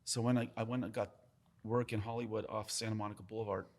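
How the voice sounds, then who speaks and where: A tattoo artist tells stories in a laid-back podcast chat, his voice fairly low and flat in pitch, moving at a quick clip. He's emphatic and swears constantly, talking with his hands about his craft.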